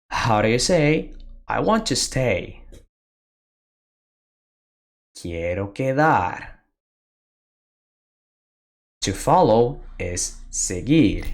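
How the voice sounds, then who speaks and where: Language teacher, beginner lesson, very slow delivery, mid pitch, pauses for repetition. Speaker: Spanish teacher.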